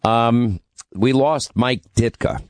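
A man's voice: mid-range voice, slow pace, no echo. A man hosting a radio talk show, rambling conversationally through ad reads and news, with fillers and restarts.

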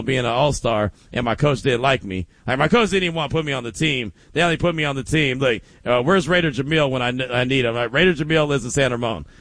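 A middle-aged man hosting a sports radio show, chatting casually and telling stories in an animated way. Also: mid-range voice, no echo. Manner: animated storytelling with laughs.

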